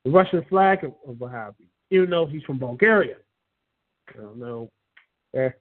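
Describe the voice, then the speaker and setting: A man hosting an online talk show, chatting casually and reading an article aloud with many halting fillers and stumbles. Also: mid-range voice, expressive. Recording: tinny phone-line sound.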